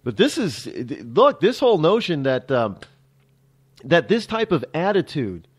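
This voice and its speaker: American male radio host, lively up-and-down delivery, rambling opinionated monologue with frequent restarts. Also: fairly high pitch, a little slow, breathy edge. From United States. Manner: rambling, emphatic, many restarts and asides. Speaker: radio talk show host. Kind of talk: political talk radio monologue.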